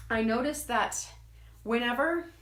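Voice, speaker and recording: A woman hosting a live self-help talk who reads viewer comments and acts out quoted friends in an animated way. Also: on the high side, measured pace, roomy sound. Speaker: host.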